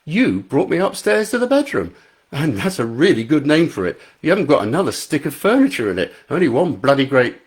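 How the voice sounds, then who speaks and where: A man's voice: fairly high pitch, sing-song, brisk, husky, pitched above the performer's own voice. A man reading his romance novel aloud at home, voicing an eager, playful young man. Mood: laughing protest. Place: home front room.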